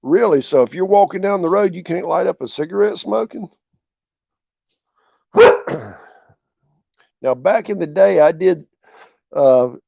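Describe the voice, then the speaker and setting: A man's voice: fairly high pitch, vocal fry, mellow, dry recording. A laid-back man with a drawl chats casually on a livestream from his porch. He greets viewers by name as they arrive. The sound is dry and close, with a dull, lo-fi quality. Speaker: channel host. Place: outdoors on a porch.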